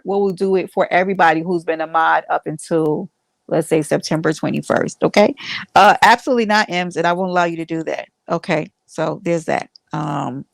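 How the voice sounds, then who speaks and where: A woman's voice: on the low side, vocal fry, dry recording. A woman hosting a casual livestream, chatting with viewers and teasing them with playful mock outrage. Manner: rambling with restarts and fillers. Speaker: livestream host.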